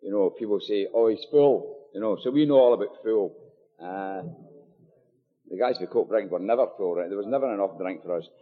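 A man's voice: fairly low pitch, brisk. An older man with a thick Glasgow-area Scottish accent shares his story with a meeting audience. He talks in a loose, joking way, full of fillers and asides. The sound is dull and carries a long hall echo. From Scotland. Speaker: AA meeting speaker. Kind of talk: personal recovery talk at a meeting.

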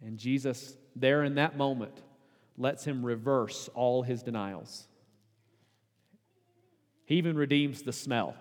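A man preaching a sermon as pastor, conversational and casual, building to emphatic, louder peaks. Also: mid-range voice, slow, pauses often. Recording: long hall reverb.

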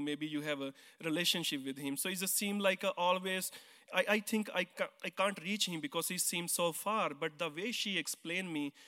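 A man's voice: a little high, sharp tone. A man from India with an Indian English accent, giving a personal testimony in church on a handheld mic, speaking simple, earnest English with some hesitant restarts. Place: church hall. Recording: long reverb of a church hall.

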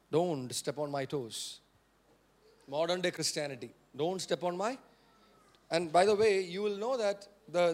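Male pastor, sermon delivery, high-pitched, repeats lines for emphasis and calls on the congregation to respond. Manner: repeats key phrases for emphasis; questions and prompts the congregation.

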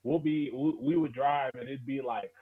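A man's voice: medium pitch, fairly even intonation, normal speed, slightly rough. Rambling young guy on a tinny line. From Texas. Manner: rambling, loose, swears freely, many fillers. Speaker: podcast co-host. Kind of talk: casual chat. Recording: tinny phone-like sound.

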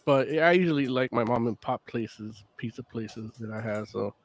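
A man co-hosting a casual podcast chat, animated and chatty, swearing freely. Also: medium pitch, normal speed, dry recording. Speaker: podcast co-host.

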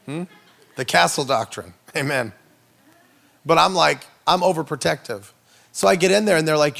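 A man in his thirties preaching with a comic touch, his voice gravelly and a little high for a man. He spins family stories and jumps way up in pitch when he acts out what people said. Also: measured pace, pauses often, a bit bright. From Norway. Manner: playful, jokey, acts out quotes with big pitch jumps. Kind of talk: comedic sermon storytelling.

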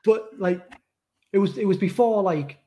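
A man's voice: high voice, moderate pace, mellow. A man from North East England with a north-east English accent, co-hosting a casual podcast chat and telling rambling stories with laughs. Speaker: podcast co-host.

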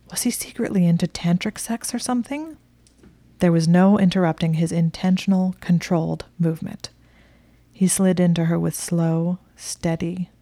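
Low gravelly whispering woman narrator. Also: dry recording. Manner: hushed, slow and breathy. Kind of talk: whispered role-play.

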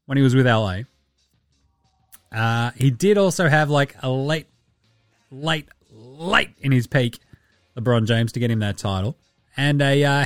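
Sweary animated man, podcast host. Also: fairly high pitch, dry recording, clean studio sound. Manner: animated, sweary, jokey asides. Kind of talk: casual basketball chat.

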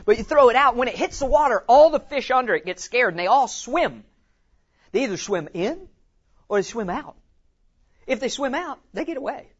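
A man giving an animated teaching talk at a conference. He tells it like a story, acts out quotes and often says "you know". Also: very high-pitched, moderate pace, breathy edge, lo-fi sound. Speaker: conference speaker.

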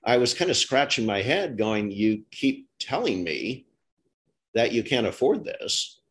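A middle-aged man hosting an interview, talking in long rambling stretches with restarts and self-corrections. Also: medium pitch. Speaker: podcast host. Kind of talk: casual interview chat.

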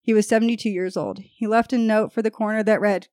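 A fast-talking podcast host with a mid-range, steady, darkish voice recounts an old murder case, reading the details and stopping to joke and laugh with her co-hosts. The recording is dry, with clean studio sound.

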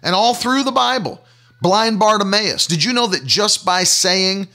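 Emphatic high-voiced male preacher. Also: expressive, measured pace, sharp tone. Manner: emphatic, repeats key phrases for stress. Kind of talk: sermon.

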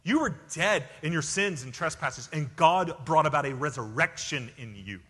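A man preaching a sermon, emphatic, dropping from loud declarations to hushed lines. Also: a little high, lively intonation, normal speed, husky. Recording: hall reverb.

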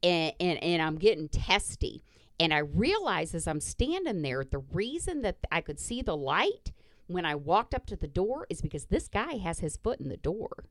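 A woman's voice: lowish voice, sing-song, moderate pace, dry recording. A woman podcast host casually retelling a story, blunt and profane, acting out the dialogue.

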